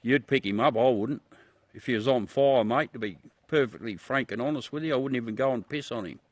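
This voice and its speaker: A man's voice: mid-range voice, brisk. Blunt Australian man chatting with viewers. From South Australia. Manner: blunt and profane, calls everyone mate. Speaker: livestream host. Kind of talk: casual chat with viewers.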